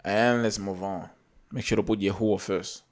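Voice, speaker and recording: A man's voice: on the low side, fairly even intonation, normal speed, heavy background noise. A man from Africa hosting a reaction video, talking in an emphatic, repetitive, preachy way. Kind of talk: casual reaction commentary.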